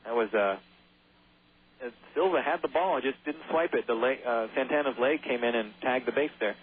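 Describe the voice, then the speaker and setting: A man calls a baseball game play-by-play at a mid pitch, keeping up a chatty stream with jokey asides between pitches. His voice comes through a thin, phone-like radio broadcast with no low end. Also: moderate pace, a little hiss or hum.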